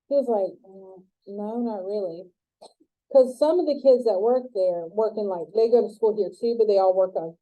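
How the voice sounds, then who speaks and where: A woman's voice: on the high side, mellow, rough recording. A woman teaching a college web design class in a chatty, joking way, acting out both sides of conversations in her stories. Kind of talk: classroom lecture with storytelling.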